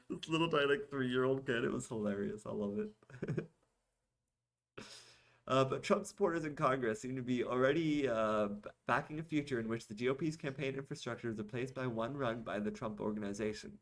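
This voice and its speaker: A young man reads news stories aloud in a casual podcast, pausing often for dry, sarcastic remarks. His voice sits at an ordinary middle pitch for a man. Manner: sarcastic asides between read-out articles. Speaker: podcast host reading news.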